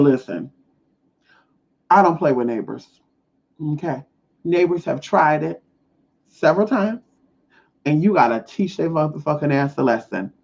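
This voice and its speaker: A woman's voice: low voice, muffled recording. A woman hosting a live stream as a spiritual advisor, talking bluntly and with heavy swearing, often acting out other people's lines. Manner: blunt and profane, with lively acted-out quotes. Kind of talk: casual live-stream talk.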